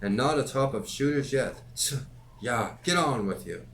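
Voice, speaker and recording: A man reading aloud and voicing an anxious, gruff English stagecoach driver in a raised, urgent voice. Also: medium pitch, lively intonation, normal speed, a bit bright, slight background noise, pitched above the performer's own voice. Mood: impatient.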